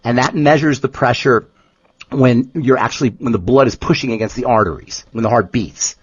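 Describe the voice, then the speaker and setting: A man co-hosting a health podcast who explains nutrition in an emphatic, animated way, often repeating himself for emphasis. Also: mid-range voice, normal speed, slightly rough, dry recording, dull audio. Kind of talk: casual explanatory podcast talk.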